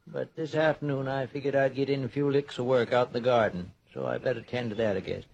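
A man's voice: medium pitch, fairly even intonation, vocal fry, a little mellow, slight background noise, close to an everyday voice. A man playing a folksy older small-town man. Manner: slow, folksy drawl. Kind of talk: 1940s radio acting. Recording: dull old radio transcription.

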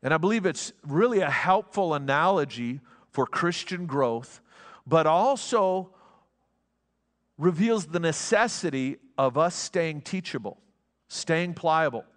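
A middle-aged pastor in a church delivers a sermon in a chatty, anecdotal way, often stopping and restarting his sentences. His voice sits a little higher than most men's, and a long hall reverb trails behind every phrase. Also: animated, unhurried, a bit bright. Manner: conversational storytelling preacher, frequent restarts. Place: church sanctuary.

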